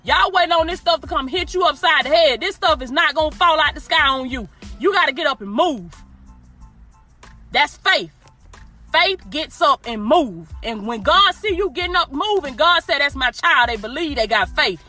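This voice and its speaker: High, bright-voiced woman preaching emphatically. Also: expressive, moderate pace, faint music behind. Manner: emphatic, repeats phrases, addresses listeners directly with y'all and baby. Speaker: motivational preacher. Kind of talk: informal preaching.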